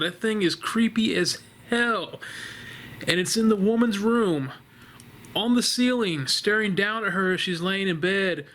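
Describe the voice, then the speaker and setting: A man's voice: high voice, lively intonation, a little slow, pauses often, bright, forceful tone, slight background noise. A man casually reviewing a horror movie from his couch at home, rambling and laughing, blunt and profane. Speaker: vlogger reviewing a horror film. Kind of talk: casual spoken film review. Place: living room couch at home.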